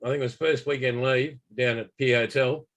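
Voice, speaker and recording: A boisterous Australian man with a mid-range voice joins a casual chat among friends. He tells his stories with lively, rowdy energy. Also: medium pitch, fairly quick. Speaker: co-host, ex-Navy.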